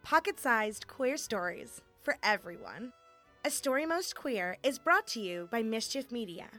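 A woman's voice: a little high, very animated, unhurried, bright, forceful tone, soft background music. A woman host reading a scripted, upbeat podcast introduction.

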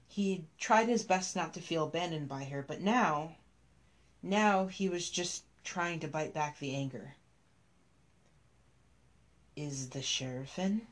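A woman reading a scripted story aloud, telling it in a measured, even way. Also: low-pitched.

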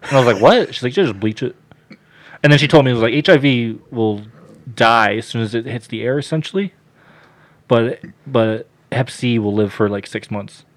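A man's voice: mid-range voice, normal speed. Man swearing through a wild story. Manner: profane, animated storytelling with loud acted-out quotes. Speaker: podcast guest telling a story. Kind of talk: casual podcast chat.

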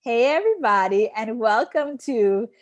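A woman's voice: fairly high pitch, normal speed, dry recording. A young woman co-hosting a podcast, telling a story casually and acting out the people she quotes. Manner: animated storytelling, acts out quotes. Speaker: podcast co-host. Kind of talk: casual chat.

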